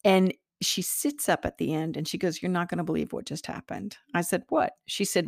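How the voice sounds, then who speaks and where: Low gravelly lady rambling through a personal story, lots of ums and restarts, dry close sound. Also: steady tone, normal speed, few pauses, a little mellow, no echo. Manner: earnest, rambling, many fillers and restarts. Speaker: podcast host, healer.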